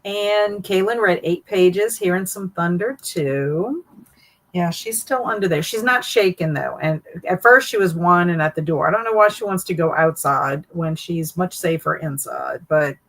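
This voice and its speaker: Chatty Southern woman, lowish voice. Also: a little slow, fairly bright tone, low-quality recording. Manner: chatty, friendly, greets viewers by name. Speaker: live stream host. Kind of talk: casual live stream chat, reading chat comments aloud.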